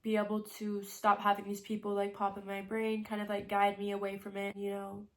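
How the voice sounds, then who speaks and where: A woman's voice: mid-range voice, completely flat delivery, brisk. Emotional young woman telling a story. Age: 20s. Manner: emotional, on the verge of tears, laughing through it; frequent "like" fillers, trailing soft endings. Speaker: vlogger. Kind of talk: casual confessional storytime.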